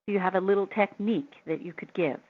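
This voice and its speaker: A woman's voice: medium pitch, fast talker. A woman hosting an advice talk show, chatty and telling personal anecdotes. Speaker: radio show host. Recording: tinny phone-like line.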